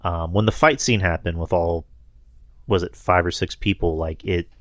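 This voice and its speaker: This podcast co-host, a man, rambles through a casual conversation, laughing and using lots of fillers. His deep voice holds fairly even intonation at a moderate pace, with a fairly bright tone on a dry recording.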